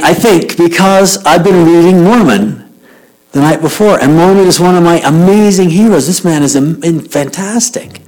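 Animated storytelling man. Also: sits high, low-quality recording. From Utah. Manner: animated storyteller, acting out both sides of a dialogue. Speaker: youth speaker. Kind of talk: storytelling talk to youth.

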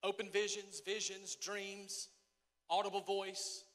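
A male pastor preaching a sermon, emphatic and repetitive, swinging from shouting to hushed tones. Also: high voice, level tone, takes it slowly. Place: church sanctuary. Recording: echoey church hall.

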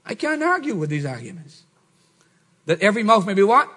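A middle-aged man preaching a sermon, swinging from shouts to low murmurs. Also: big pitch swings, fairly quick. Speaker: pastor.

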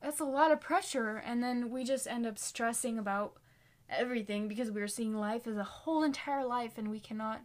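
A young woman in her late teens, chatting earnestly and casually about faith and reading scripture, with lots of "like" fillers and quick self-corrections. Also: on the high side. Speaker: faith encouragement vlogger.

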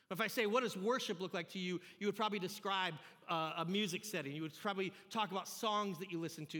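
Guy preaching to a youth group, high bright voice, acts out his story, church hall echo. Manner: animated, jokey storyteller who acts out scenes. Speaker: youth pastor. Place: church sanctuary.

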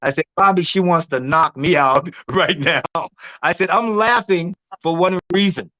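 A man being interviewed as an herbal healer, telling stories in a lively, demonstrative way, laughing often and acting out what others said. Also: fairly high pitch, normal speed, no room sound, highs cut off. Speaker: guest herbalist. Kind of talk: animated storytelling interview.

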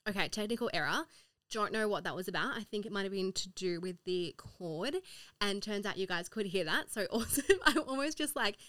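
Bright, chatty young woman podcaster. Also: mid-range voice. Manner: chatty, swears freely, laughs often, heavy use of "like". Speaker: podcast host. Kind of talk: casual solo podcast chat. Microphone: own podcast mic.

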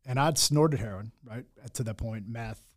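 A man's voice: medium pitch, moderate pace. A young man telling his own hard story in candid talk, blunt and full of swearing and restarts. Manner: raw, blunt, swears often, many restarts.

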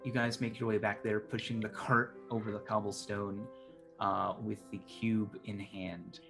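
A man narrating as game master of a tabletop game, relaxed and halting, with many fillers. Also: lowish voice, vocal fry, over music.

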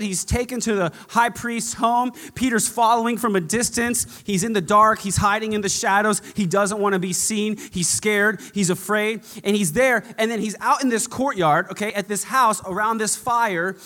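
High-voiced man preaching casually. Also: sharp tone. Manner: casual and conversational, with repeated phrases and dramatic emphasis. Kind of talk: sermon. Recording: long hall reverb.

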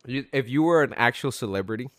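A man's voice: mid-range voice, animated, quick pace, dry recording, clean studio sound. A man hosting a casual podcast chat, joking and telling stories with acted-out quotes. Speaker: podcast host.

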